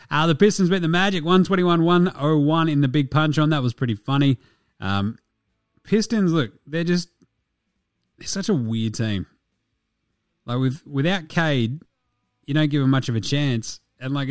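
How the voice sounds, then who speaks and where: A man's voice: a little high, no echo, studio quality. A young Australian man hosting a casual sports podcast, rambling and swearing with jokey asides. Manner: sweary, rambling, jokey, puts on quick silly voices. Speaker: podcast host.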